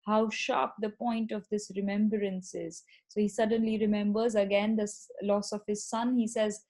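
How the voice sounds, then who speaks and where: A woman teacher, explaining a play line by line, reading the quoted verse slowly and more loudly, then paraphrasing it with fillers. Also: medium pitch, level tone. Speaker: literature teacher.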